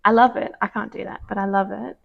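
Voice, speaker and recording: A woman giving a casual, rambling tarot card reading, gushing and soft-spoken, sometimes dropping to a whisper. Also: mid-range voice, flat delivery, fast talker, gravelly, muffled recording. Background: dogs barking.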